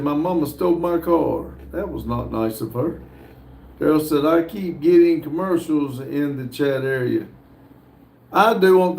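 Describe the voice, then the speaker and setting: Gravelly man hosting a roomy live stream. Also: on the high side, a little mellow. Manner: reads comments aloud with frequent "uh" pauses. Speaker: livestream host reading viewer chat. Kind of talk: casual live-stream chat.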